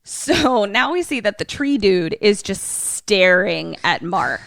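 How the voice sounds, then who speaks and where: A young woman podcast co-host recapping a movie in casual, animated, profane storytelling. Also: mid-range voice, slow pace, vocal fry, a little hiss or hum.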